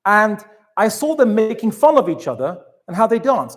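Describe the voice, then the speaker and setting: Male lecturer, lightly raised pitch, chatty and animated, lots of asides. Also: moderate pace, vocal fry, breathy edge. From England. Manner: animated, chatty storytelling with many restarts and asides. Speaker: Islamic lecturer. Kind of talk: lecture to a live audience.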